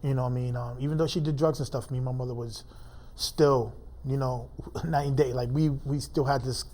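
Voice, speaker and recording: A man as an interview guest, telling a painful personal story in halting, informal speech full of fillers. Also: mid-range voice, steady tone, warm tone.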